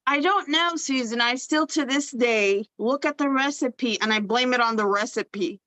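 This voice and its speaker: Animated high-voiced woman telling a story. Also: moderate pace, no room sound. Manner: animated, laughing, acts out quotes. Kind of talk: casual storytelling chat.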